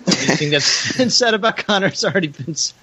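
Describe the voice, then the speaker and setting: A man's voice: high-pitched, expressive, a little fast, heavy background noise. A man guesting on a podcast in casual discussion, blunt and swearing freely.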